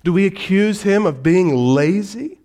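A high-pitched male pastor delivering a sermon. He moves between soft, reassuring passages and loud, energetic scenes. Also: measured pace. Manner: animated, shifts from hushed to loud.

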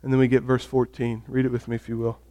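A man preaching a sermon as a pastor, conversational and storytelling, dropping soft when he reads scripture. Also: mid-range voice, completely flat delivery, quick pace.

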